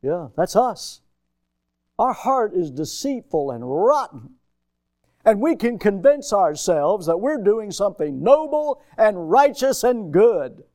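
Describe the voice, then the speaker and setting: Preacher guy giving a sermon, slow and emphatic, kinda high voice, dry sound. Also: dry recording. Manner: emphatic preaching with sharp swings in loudness; calls out to the congregation. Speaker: pastor.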